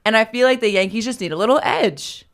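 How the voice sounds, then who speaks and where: A woman's voice: a little high, fast talker. A young woman co-hosting a sports podcast, chatting in a playful, joking way. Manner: playful, jokey. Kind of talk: casual chat.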